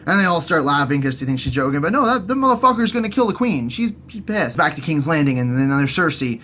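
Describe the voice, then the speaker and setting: A man giving a profane, excitable casual recap as a vlogger. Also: a little high, fast talker, a little hiss or hum. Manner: excitable, sweary, animated.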